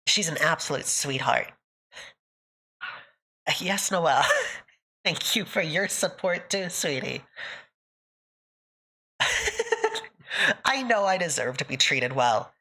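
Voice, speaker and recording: A woman's voice: low-pitched, sing-song, slow, long pauses, pushed and bright, slightly rough. A woman streamer chatting with her live audience, emotional and close to tears, laughing often between thank-yous. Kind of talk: casual live-stream chat.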